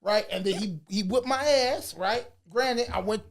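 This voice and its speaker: A man telling a personal story in a casual, slangy way, swinging from low mutters to loud bursts. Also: measured pace. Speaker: vlogger.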